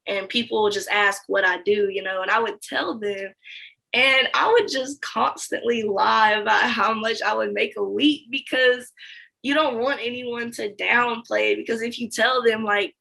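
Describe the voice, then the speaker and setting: A woman's voice: medium pitch, moderate pace, gravelly, rough recording. A young woman interviewee, a former sales account manager, telling her story candidly and acting out the dialogue. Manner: animated storytelling that acts out quoted dialogue.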